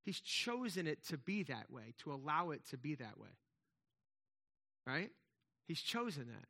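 A man's voice: on the high side, sing-song, a little slow, vocal fry, bright, forceful tone. A man preaching a sermon in a conversational way, with emphatic swells and frequent restarts. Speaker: pastor.

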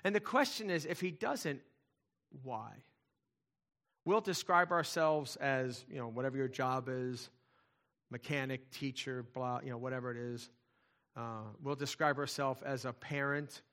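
Bright-voiced male preacher, dynamic delivery. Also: medium pitch, fairly even intonation, a little slow. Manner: conversational, swings from soft asides to loud emphatic points. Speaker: pastor. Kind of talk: sermon.

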